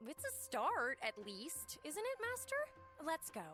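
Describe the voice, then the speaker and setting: A woman's voice: high voice, huge pitch swings, a little slow, a bit bright, full character voice. An actress voicing an eager young female genie sidekick who fawns over her master, over faint game music. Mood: chirpy. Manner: chirpy, fawning, calls player master.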